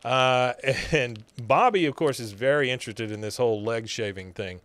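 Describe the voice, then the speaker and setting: A man's voice: medium pitch, animated, moderate pace, a bit bright, dry recording. Chuckling man recapping a cartoon episode. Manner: laughs through retelling scenes, many uh fillers. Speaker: podcast co-host.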